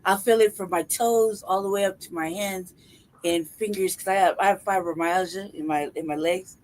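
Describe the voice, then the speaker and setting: A woman's voice: medium pitch, moderate pace, low-quality recording. A young woman co-hosting a podcast, telling stories in casual chat with lots of swearing and laughter. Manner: profane, animated storytelling with frequent laughter. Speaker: podcast co-host.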